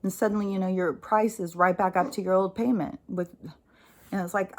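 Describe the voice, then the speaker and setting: A woman's voice: fairly low pitch, steady tone, a little fast. Profane, fired-up American woman ranting. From United States. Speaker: spiritual vlogger. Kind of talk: casual spoken monologue.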